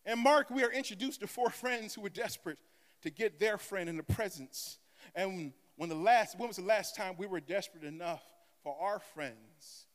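A high-voiced male pastor preaches dramatically, dropping to soft asides and rising to loud cries. He calls on the congregation to answer him. A long reverb hangs on every phrase. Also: a little fast. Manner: call-and-response with the congregation. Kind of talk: sermon.

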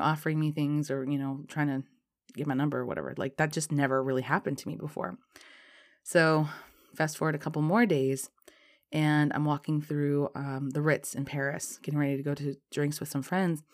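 A woman with a notably low speaking voice tells a personal story to her viewers. She is chatty and loose, leans on fillers, and slips into lively acted-out dialogue as she goes. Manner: chatty, lots of fillers like "um" and "you know".

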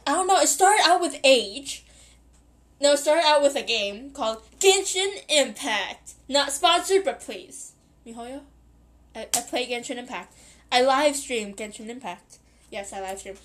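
Young woman, twenties, high bright voice, giggly, rambling, keeps correcting herself, casual podcast chat. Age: 20s. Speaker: podcast host.

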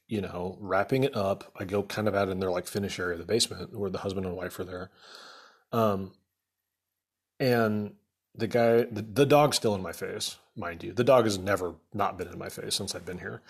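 Casual male contractor venting a rambling story, husky and a bit low. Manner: exasperated, rambling, many fillers. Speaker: remodeling contractor.

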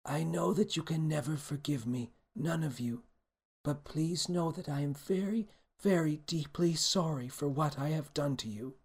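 A man voicing a tearful, remorseful queen in a children's storybook reading, speaking softly and pleadingly. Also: mid-range voice, measured pace, husky, pitched above the performer's own voice. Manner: soft, pleading, regretful.

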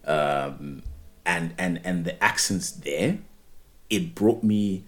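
Low-pitched and slow, this podcast co-host chats casually and tends to ramble. He keeps restarting his thoughts, repeating words as he goes.

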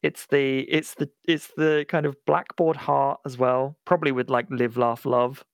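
A man's voice: a little high, fairly even intonation, normal speed, vocal fry, no echo, studio quality. A man co-hosting a comedy podcast, chatting casually, giggling often and rambling with repeated words. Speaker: podcast co-host.

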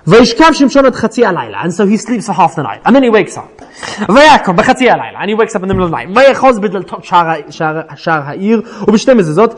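A man with a fairly high voice teaches an informal Bible class. He retells the story with lively energy, reads out Hebrew verses and then paraphrases them in plain English. He keeps checking in with his listeners with a quick "right?".

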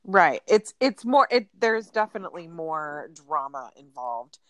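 A woman's voice: sits low, measured pace. A woman in her thirties co-hosting a casual chat podcast, telling anecdotes animatedly with many ums and uhs. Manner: animated storyteller, fillers like um and uh. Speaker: podcast co-host.

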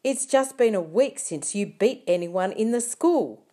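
A woman's voice: medium pitch, animated, unhurried, mellow, pitched above the performer's own voice, lightly acted. A woman reading an audiobook, voicing a scornful schoolboy who talks bluntly and mockingly. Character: scornful, rough-talking schoolboy.

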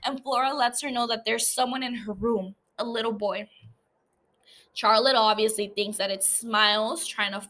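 Recapping an episode of a series for her podcast, a woman speaks in a bright, forceful voice that's a little high, with a steady tone and moderate pace. Her telling is loose and chatty, full of frequent laughter and fillers.

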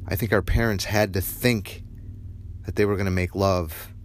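A man's voice: deep voice, fairly even intonation, moderate pace. A man hosting a podcast, giving an earnest, reflective spiritual self-help tip. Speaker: podcast host.

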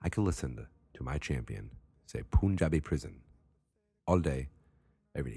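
Rambling man with a very deep voice. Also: lively intonation, normal speed, vocal fry, long pauses, mellow, slightly rough, dry recording. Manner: rambling, jokey, self-deprecating. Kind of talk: casual wrestling predictions.

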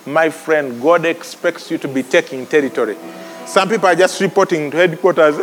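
A man preaching a sermon, animated, breaking into sudden high exclamations and laughs. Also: moderate pace. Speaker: pastor. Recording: long hall reverb with faint ambience.

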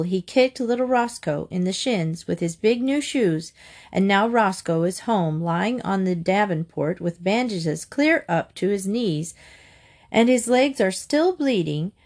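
A woman's voice: medium pitch, expressive, unhurried, a little mellow. A woman voicing an angry, indignant mother of a hurt little boy in a storybook reading, shrieking and accusing.

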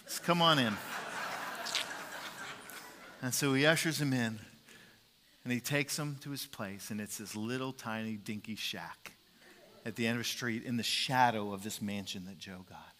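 A man's voice: fairly low pitch, moderate pace, fairly bright tone, long reverb tail. A male pastor preaching a sermon, emphatic, repeating key phrases for weight.

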